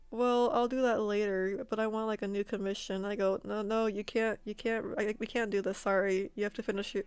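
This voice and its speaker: Chatty woman streamer, smooth voice. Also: mid-range voice, dry recording. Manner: animated, laughs often, repeats words while telling a story. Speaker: streamer and artist. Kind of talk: casual storytelling to chat. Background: faint background music.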